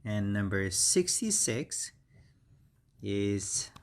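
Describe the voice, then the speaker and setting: A middle-aged man whose first language is Korean, teaching beginner English vocabulary slowly and repeating each word several times. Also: lowish voice, big pitch swings. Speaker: English instructor. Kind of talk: slow beginner vocabulary lesson.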